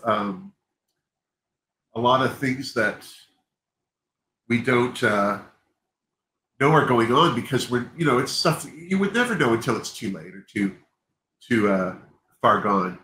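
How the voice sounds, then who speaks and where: On his livestream, a man with a medium-pitched, sharp-toned voice rambles through a candid, emotional chat, cutting himself off and starting sentences over. The space is echoey, with a faint hum of background noise.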